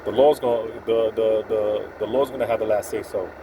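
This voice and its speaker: A man's voice: fairly low pitch, steady tone, a little fast, background noise. A man giving an informal, profane, streetwise religious talk, quoting scripture with emphatic asides. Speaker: preacher.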